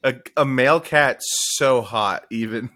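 A man co-hosting a podcast, playful and quick with jokes in casual banter. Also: mid-range voice, bright, forceful tone, no echo, studio quality. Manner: playful, does silly voices. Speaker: podcast co-host.

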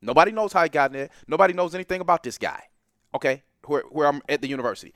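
A middle-aged professor talking emphatically as a podcast guest, with bursts of loud laughter. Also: male voice, fairly high pitch, lively intonation, very fast, dry recording, studio quality. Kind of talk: heated podcast discussion.

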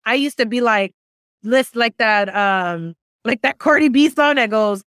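A woman guest in casual conversation, telling animated stories, acting out other people's voices and swearing freely. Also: on the high side, fairly quick, smooth, no echo, clean studio sound. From Central American family, raised in US. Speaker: podcast guest.

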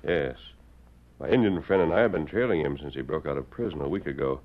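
An actor playing a calm, commanding masked lawman hero in a 1940s radio play, firm and measured. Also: a bass voice. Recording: dull old radio recording.

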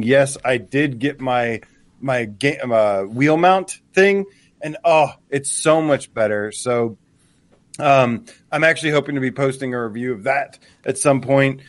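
Male co-host, mid pitch, eager chatter with frequent laughs. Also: no echo. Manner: enthusiastic, laughs often, restarts. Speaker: podcast co-host. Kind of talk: casual live show banter.

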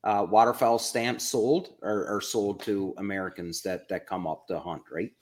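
A Canadian man hosting a casual chat, telling stories in an animated way. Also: fairly low pitch, moderate pace, slight background noise.

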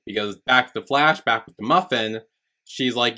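A man hosting a casual podcast chat. He recaps scenes haltingly, full of fillers, and acts out characters' lines. His pitch sits in a middle range. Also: bright, forceful tone. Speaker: podcast host.

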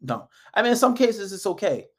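A man's voice: high voice, lively intonation, normal speed. Blunt, emphatic male dating coach. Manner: blunt, emphatic, often acts out quoted dialogue. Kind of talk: casual advice monologue.

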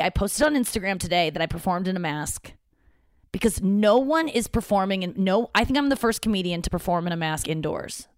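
A woman's voice: medium pitch, no room sound, studio quality. A woman hosting a podcast, telling stories in a chatty, profane, self-mocking way and quoting other people. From St. Louis area. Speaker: podcast host. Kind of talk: casual storytelling monologue. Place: father's home office.

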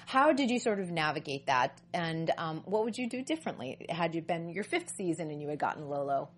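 A woman's voice: deep voice, sing-song, a little fast. A woman hosting a casual interview, chatty and friendly, often restarting her sentences. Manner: chatty, stumbling restarts, laughs easily. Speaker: podcast host.

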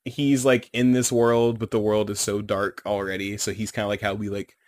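A young man co-hosting a podcast, laid-back and quick to laugh as he chats casually about a manga. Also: fairly low pitch, flat delivery. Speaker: podcast co-host. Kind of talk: casual chat recapping a manga.

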